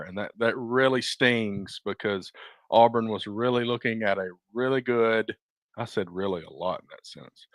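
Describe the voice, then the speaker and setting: Male co-host, mid pitch, easygoing, rambling with fillers, dry close-miked sound. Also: a bit bright, no room sound. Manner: easygoing, rambling with fillers, laughs at own jokes. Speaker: podcast co-host. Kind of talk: casual sports chat.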